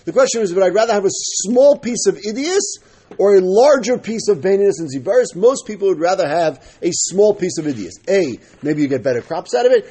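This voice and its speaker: A man's voice: high voice, animated, a little fast, mellow, breathy edge. A man teaching a daily Talmud class, explaining step by step and asking and answering his own questions.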